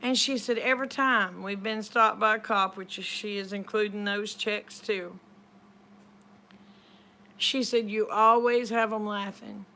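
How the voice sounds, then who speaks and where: A woman's voice: mid-range voice, steady tone, unhurried, pushed and bright. A middle-aged woman, retelling a conversation in a chatty, rambling way. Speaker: vlogger. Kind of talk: casual storytelling.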